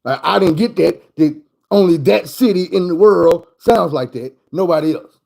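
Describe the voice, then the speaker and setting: A man's voice: high voice, moderate pace, vocal fry, a little mellow, poor audio. A man from Arkansas with a Southern accent telling stories in a loose, profane, repetitive way in a casual monologue. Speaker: vlogger.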